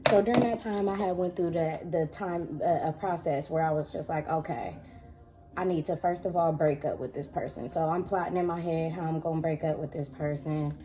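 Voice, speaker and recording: A woman's voice: fairly quick, a little hiss or hum. A young woman vlogging casually to camera, telling a personal story and acting out quoted arguments. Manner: animated, acts out quoted arguments in a higher voice.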